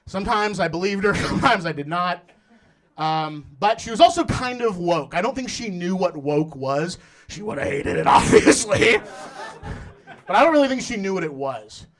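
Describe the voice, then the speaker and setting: A man's voice: high-pitched, lively intonation, normal speed, a bit bright. A young man performing a stand-up comedy set on a club stage, acting out voices and laughing through his lines. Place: comedy club stage in front of a live audience.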